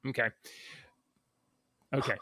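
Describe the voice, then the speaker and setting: A man's voice: slow, bright, forceful tone, no echo, studio quality. A man co-hosting a casual morning talk show, reading news aloud and joking about it with a ready laugh. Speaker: co-host.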